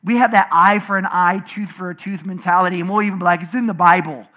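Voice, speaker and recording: A pastor preaching a sermon to his congregation, animated, swinging between loud emphatic passages and low, quiet ones. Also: fast talker.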